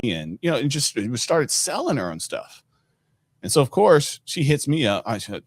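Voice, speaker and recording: A man who works as a financial advisor, chatting casually on a podcast and telling stories with lively acted-out quotes. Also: medium pitch, normal speed. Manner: lively storyteller who acts out the people he quotes.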